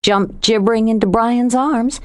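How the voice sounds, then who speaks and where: A woman's voice: a little high, steady tone, a little slow, voice pushed up, close to an everyday voice. A woman voicing a wry, reassuring young woman friend in an audiobook reading. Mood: joking. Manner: reassuring, lightly joking.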